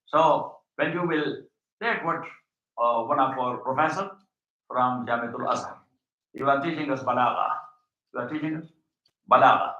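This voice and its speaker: A man giving a classroom lecture on religion, explaining slowly, often checking his students follow and reciting Arabic passages quickly. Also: mid-range voice, bright, forceful tone. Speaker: religious teacher. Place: mosque hall. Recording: dull, echoey mosque hall.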